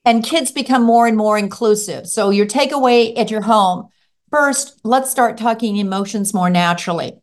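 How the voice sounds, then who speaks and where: A middle-aged woman who used to teach, a guest on a podcast interview, telling stories in a lively way and acting out what children said. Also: a little high, moderate pace. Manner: animated storyteller acting out children's voices. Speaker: guest author and former teacher.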